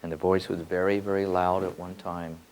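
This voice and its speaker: A man giving a spiritual teaching in a loose, repeating way, swinging between soft musing and sudden excited bursts. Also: sits low, fairly quick, slight background noise. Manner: repeats words and restarts often. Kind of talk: spoken teaching to a group.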